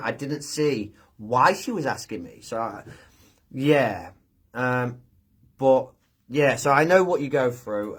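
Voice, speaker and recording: This is a man chatting on a live stream, with a voice of ordinary middle pitch. He talks gently and sincerely, with lots of "um"s and restarted phrases. Now and then he reads viewer messages aloud. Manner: gentle, heartfelt, halting with many fillers and restarts. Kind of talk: casual live chat, reading viewer comments.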